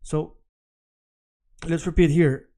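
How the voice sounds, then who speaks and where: Patient man teaching, dark voice. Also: a little high, steady tone, slow. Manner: explains patiently, repeats words, checks in with "all right?". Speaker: Spanish teacher. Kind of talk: video language lesson.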